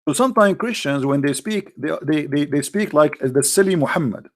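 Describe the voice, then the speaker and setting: A man with a fairly high voice delivers a solo commentary, mocking and emphatic by turns. His English carries non-native grammar, and he leans hard on sarcasm. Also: lively intonation, a little fast. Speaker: online debater.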